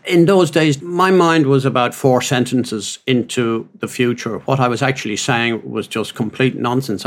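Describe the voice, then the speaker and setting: Rambling older man telling stories. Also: mid-range voice. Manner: rambling and self-mocking, with frequent restarts. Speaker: podcast co-host. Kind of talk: casual chat, telling stories.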